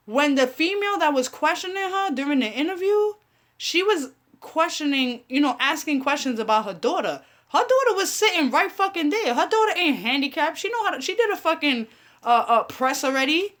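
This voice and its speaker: A woman's voice: sits high, big pitch swings, fairly quick, fairly bright tone. Blunt, profane woman ranting on air. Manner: blunt, profane, heated, talks to her chat. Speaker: online radio show host. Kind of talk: casual ranting commentary.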